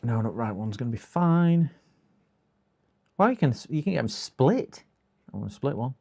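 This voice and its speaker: A man's voice: mid-range voice, big pitch swings, normal speed, creaky, warm tone. A middle-aged man from the UK chatting casually on a live repair stream, muttering to himself, answering viewers and now and then groaning in exasperation. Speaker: livestreaming repair technician. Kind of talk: casual live-stream chat while working.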